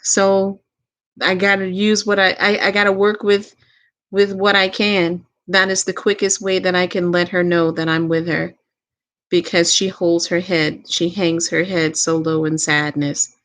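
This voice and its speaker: A woman with a Southern US accent giving a live tarot reading as a medium, gentle and unhurried, repeating her phrases and laughing softly now and then. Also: lowish voice, flat delivery.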